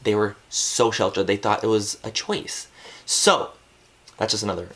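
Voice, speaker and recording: A man in his twenties casually telling a personal story to camera, animated, swearing freely and filling his talk with "like". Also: on the low side, normal speed. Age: 20s. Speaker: vlogger.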